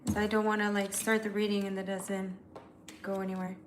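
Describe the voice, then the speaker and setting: A woman's voice: medium pitch, little pitch movement, brisk, noisy background. A woman hosting a casual live stream as a tarot reader. She chats loosely with viewers, swears freely, and reads their comments aloud. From United States.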